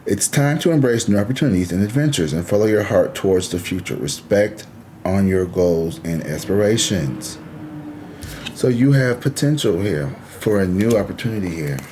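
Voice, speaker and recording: A very deep-voiced man reads tarot cards in a relaxed, chatty way, reassuring his listeners and letting a curse slip now and then. A faint hiss sits under his voice. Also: normal speed. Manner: laid-back, chatty, reassuring, with casual swearing. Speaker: tarot reader. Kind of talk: casual tarot reading.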